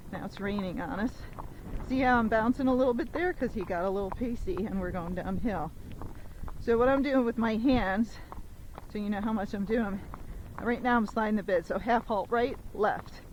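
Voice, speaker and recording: A woman riding along a rainy road, recorded on a phone mic as she goes, talking through each move in a relaxed, chatty teaching voice. She counts the footfalls aloud, one-two-three-four, in an even rhythm. A faint wash of background noise sits under her mid-range voice. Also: mid-range voice, normal speed, muffled recording. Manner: counts the gait beats aloud in a steady rhythm; casual and chatty, explaining each step. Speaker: gaited horse trainer. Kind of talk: instructional commentary while riding. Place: outdoors on horseback on a road in the rain.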